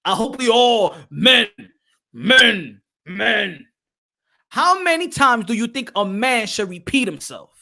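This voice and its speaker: A man's voice: very high-pitched, big pitch swings, takes it slowly, vocal fry, bright, forceful tone. A man hosting a casual livestream podcast, talking animatedly, repeating phrases and calling out to his chat. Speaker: podcast host.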